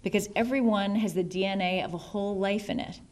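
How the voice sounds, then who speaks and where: Woman, audiobook narrator, first-person literary reading, wry, dry, measured. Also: medium pitch, steady tone, a little mellow.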